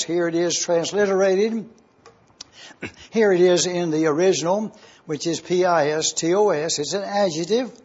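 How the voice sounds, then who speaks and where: Husky-voiced man teaching a Bible lesson. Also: sits high, darkish tone, lo-fi sound. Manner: measured, spells out Greek words letter by letter. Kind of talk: Bible study lecture with opening prayer.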